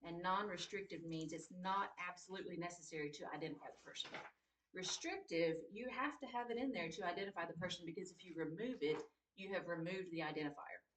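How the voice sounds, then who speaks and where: A woman's voice: fairly low pitch, fast, a little hiss or hum. Woman teaching grammar in an echoey room. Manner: patient, repeats key points, asks checking questions. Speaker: writing teacher. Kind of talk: classroom grammar lesson. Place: classroom. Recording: roomy echo, distant mic.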